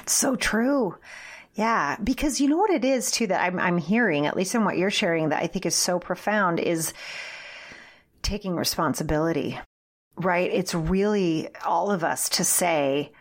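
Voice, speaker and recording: A woman's voice: on the low side, moderate pace. A woman guest on an interview podcast, talking emphatically and animatedly, with the odd swear word. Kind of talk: conversational interview.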